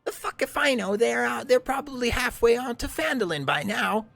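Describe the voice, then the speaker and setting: A man voicing a crude, menacing male villain leader, pitched well above his own voice. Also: lively intonation, normal speed, gravelly, fairly bright tone, no room sound, soft background music, heavily acted. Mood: sneering. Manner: sneering, crude and threatening.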